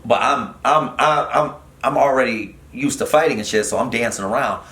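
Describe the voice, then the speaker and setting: Middle-aged man, comedian guest, animated and profane, roomy studio echo. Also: medium pitch, moderate pace. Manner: animated, profane, many fillers and restarts. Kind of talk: casual storytelling chat. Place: podcast studio.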